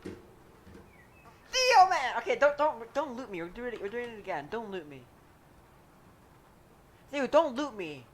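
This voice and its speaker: Woman streamer, higher voice, dramatic and whiny, noisy mic with key clicks. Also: expressive, normal speed, pauses often. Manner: dramatic, whiny protests and sudden yells. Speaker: gamer streaming with friends. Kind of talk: casual gaming chatter.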